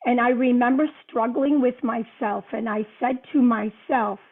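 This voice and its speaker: Older woman with a fairly high voice, speaking earnestly as a podcast guest. Her voice comes through a thin, phone-like line that has lost its lows and highs. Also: fairly even intonation, unhurried. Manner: earnest storytelling. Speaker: guest author. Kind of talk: podcast conversation. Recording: tinny phone-line sound.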